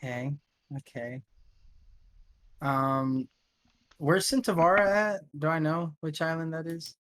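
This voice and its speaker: A tabletop player talks casually at a middling pitch. They react loudly, laugh often and trip over their words. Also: slow pace. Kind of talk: casual tabletop game play.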